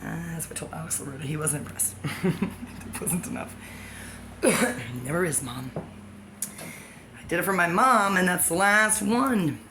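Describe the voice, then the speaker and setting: A woman with a fairly low voice rambles through a vlog monologue, hopping from one thought to the next and laughing along the way. A clear layer of background noise sits under her voice. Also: measured pace, long pauses. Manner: free-associating, jumpy, laughs often.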